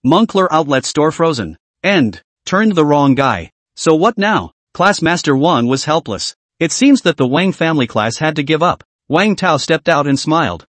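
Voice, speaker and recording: Male recap narrator, animated delivery, dry close read. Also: on the high side, moderate pace, few pauses, dry recording. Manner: lively storytelling, reads every character himself. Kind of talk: scripted story recap narration.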